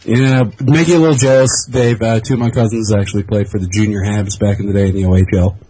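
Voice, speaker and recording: A man's voice: lowish voice, fairly even intonation, quick pace, dark tone, slight background noise, poor audio. A man from Canada, a podcast guest, chatting in an easygoing way with light teasing. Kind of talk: casual chat.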